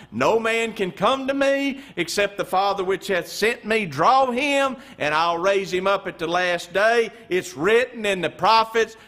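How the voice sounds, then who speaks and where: Pastor preaching with sweeping pitch. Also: male voice. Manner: preaching with swooping pitch, rhetorical questions and sudden hushed drops. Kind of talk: sermon.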